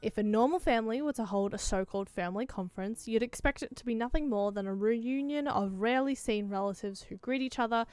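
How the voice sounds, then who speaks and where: A woman's voice: a little high, fast, hardly any pauses, a little mellow, smooth, no room sound. A woman reading a visual novel aloud and chatting casually between lines, swearing freely. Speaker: streamer.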